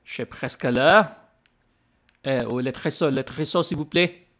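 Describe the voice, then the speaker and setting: A man playing a hammy French gentleman. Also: mid-range voice, normal speed, lightly acted. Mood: playful. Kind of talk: gaming livestream commentary.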